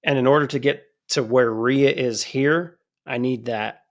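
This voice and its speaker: Casting: male podcast co-host, gravelly texture, animated and profane delivery. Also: medium pitch, measured pace. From United States. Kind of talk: casual chat.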